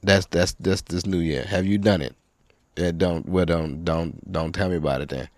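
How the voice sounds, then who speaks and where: A man hosting a solo podcast, rambling casually in a profane, animated storytelling way. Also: low-pitched, normal speed, no echo, studio quality. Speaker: podcast host.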